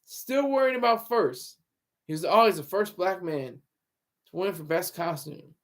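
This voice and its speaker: High-voiced rambling male streamer. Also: animated, unhurried. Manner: rambling and sarcastic, with frequent restarts. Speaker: livestreamer. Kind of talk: casual commentary.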